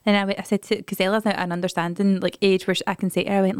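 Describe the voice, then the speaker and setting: A woman in her thirties co-hosting a casual podcast, telling lively stories about her kids and acting out their voices. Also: medium pitch, very fast, few pauses, smooth, dry recording, studio quality. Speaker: podcast co-host. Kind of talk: casual chat.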